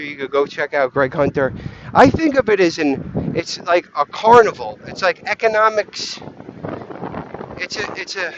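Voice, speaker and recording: A man's voice: a little high, lo-fi sound, background noise. A man rambling and swearing as he walks outdoors, easily sidetracked and scattered. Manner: profane, scattered, easily distracted. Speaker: vlogger. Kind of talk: rambling walk-and-talk rant. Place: outdoors on a windy walk.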